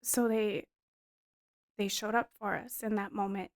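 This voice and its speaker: A woman's voice: medium pitch, level tone, a little slow, no room sound, studio quality. A woman in her thirties giving an earnest, emotional personal testimony in a casual storytelling way, with frequent fillers. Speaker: wife sharing a testimony.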